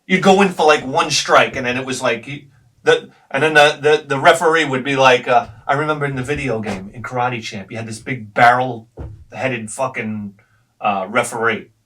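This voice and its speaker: A retro gaming host in his forties rambles through childhood anecdotes, swearing freely and laughing at his own stories. His mid-range voice moves at a normal pace, animated, and the mic sits at a distance.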